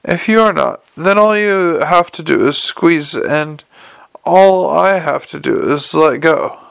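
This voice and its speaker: A man's voice: a little high, slow pace, gravelly, smooth, exaggerated voice. Man reading a cool, menacing city ruler. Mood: quietly menacing. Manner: dry, precise, quietly menacing. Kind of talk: audiobook character reading.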